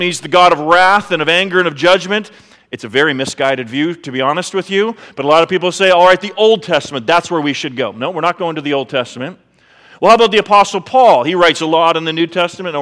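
A man's voice: a little high, a bit bright, in a large hall. A man pastor preaching a sermon in a conversational way, full of rhetorical questions, in a church sanctuary.

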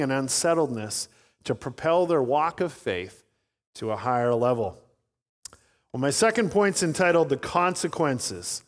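Male pastor preaching in a reverberant hall. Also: fairly high pitch. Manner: storytelling, acting out voices in anecdotes. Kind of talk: sermon.

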